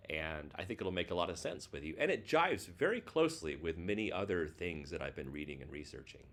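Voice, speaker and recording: Low-voiced man reading his own book. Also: a bit bright. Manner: loose and casual, lots of "like" and "you know". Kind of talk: casual chat then reading aloud.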